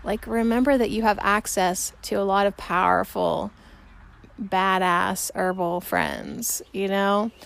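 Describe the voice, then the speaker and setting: A woman hosts her podcast in a loose, rambling chat, laughing often as she goes. Her voice carries a gravelly fry at mid pitch. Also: lively intonation, takes it slowly, a bit bright. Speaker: podcast host. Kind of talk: casual solo chat. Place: outdoors on a porch.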